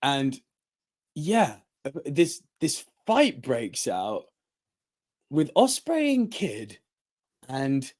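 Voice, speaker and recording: A man's voice: on the high side, a little mellow. A man, co-hosting a casual chat and telling a story with lots of energy, acting out the voices of the people he quotes and laughing often. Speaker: podcast co-host.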